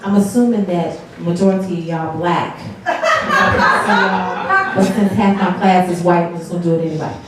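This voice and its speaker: A woman, performing a stand-up comedy set on a dark theater stage and talking straight to the crowd. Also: on the low side, moderate pace, very echoey, distant mic, heavy background noise. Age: 40s. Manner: chatty, addresses the crowd directly, laughs between jokes. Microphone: handheld stage mic.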